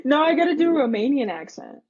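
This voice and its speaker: A woman's voice: high-pitched, very animated, fast, a little mellow, muffled recording. A woman co-hosting a podcast in casual, playful banter that breaks often into giggles. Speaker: podcast co-host. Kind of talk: casual chat.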